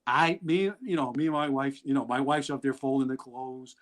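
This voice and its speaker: A man's voice: mid-range voice, fairly even intonation, normal speed, low-quality recording. A middle-aged man, a guest on a video-call interview, telling rambling, blunt stories and laughing through them. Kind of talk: candid storytelling in an interview.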